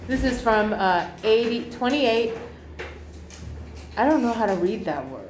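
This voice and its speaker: A woman's voice: on the high side, expressive, measured pace, slight background noise. A woman teacher reading an exam passage to her class, with jokey asides and explanations. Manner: chatty, jokey asides while reading aloud. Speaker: English teacher. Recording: echoey room.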